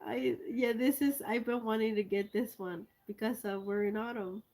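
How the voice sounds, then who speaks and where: A woman chatting casually as she unboxes gifts for her video, gushing and excitable, swinging between loud squeals and soft, hushed thanks. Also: on the high side, moderate pace. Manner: gushing and excitable, many exclamations. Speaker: art vlogger.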